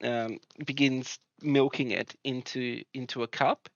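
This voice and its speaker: A man running a tabletop game as game master, describing scenes in a relaxed, rambling way with many fillers. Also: medium pitch, measured pace, gravelly, no room sound, highs cut off.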